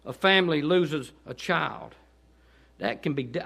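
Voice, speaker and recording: Bright-voiced Southern preacher. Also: male voice, expressive, measured pace, gravelly. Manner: swings from low conversational asides to high shouted pleading. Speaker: guest preacher. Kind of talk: Baptist sermon. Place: church sanctuary.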